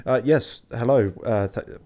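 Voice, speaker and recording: A man's voice: medium pitch, measured pace, warm tone. A tired young man streaming a video game late at night, talking casually to his audience. He speaks in a loose, chatty way and swears offhandedly as he plays. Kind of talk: casual commentary.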